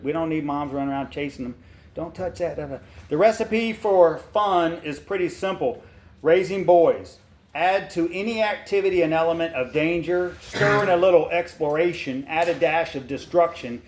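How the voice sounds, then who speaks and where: Fired-up man ranting. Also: a little high. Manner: fired-up, ranting, blunt and folksy. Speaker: podcast host reading a book aloud. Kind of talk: casual commentary mixed with reading aloud.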